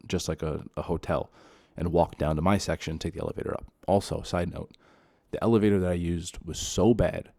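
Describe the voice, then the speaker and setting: A man with a deep, dark voice delivers a solo podcast rant. He sounds exasperated, circles back over the same points, and pushes louder as he gets heated. The sound is close and dry, with no room echo. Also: gravelly. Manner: exasperated, repeats himself, grows louder when heated. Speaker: podcast host. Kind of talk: solo ranting monologue.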